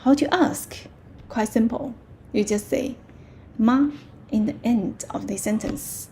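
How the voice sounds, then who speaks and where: Slow, gravelly Chinese-accented woman teacher. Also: a little high, dark tone, a little hiss or hum. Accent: Mandarin Chinese. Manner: patient, repeats words slowly with clear tones. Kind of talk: language lesson.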